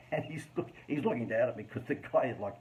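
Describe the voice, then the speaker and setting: A man's voice: medium pitch, animated, brisk, slight background noise, poor audio. An Australian man hosting a casual live stream, coaching businesses on marketing in a chatty, joking, self-mocking way.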